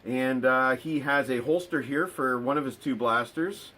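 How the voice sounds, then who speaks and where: A man's voice: mid-range voice, unhurried, pushed and bright. A man hosting a casual toy unboxing video, talking with dry, sarcastic remarks and lots of ums and uhs.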